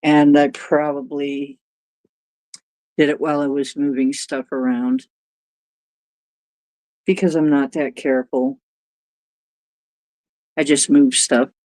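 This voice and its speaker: A woman's voice: low-pitched, level tone, slow, pauses often, dark tone, dry recording. A woman hosting a livestream, chatting casually and rambling, now and then cooing at her cat. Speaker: livestream host.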